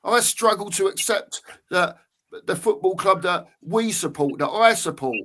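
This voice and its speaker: A man's voice: high-pitched, lively intonation, a little slow, sharp tone. A man, hosting a livestream fan chat and ranting passionately with heavy swearing. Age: 50s. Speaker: show host.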